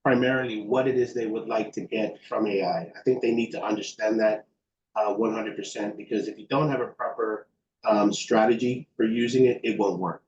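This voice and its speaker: Low-voiced man in a roomy, dull recording. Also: fairly even intonation, moderate pace, darkish tone. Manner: thoughtful, many fillers and restarts. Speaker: guest expert. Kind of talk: interview answers. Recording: roomy, dull sound with faint background noise.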